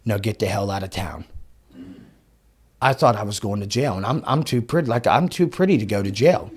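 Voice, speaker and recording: A man on a podcast as the guest, telling a story in an excitable way. He swears often, laughs mid-sentence and acts out the dialogue. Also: lowish voice, a little fast, breathy edge. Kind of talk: animated storytelling.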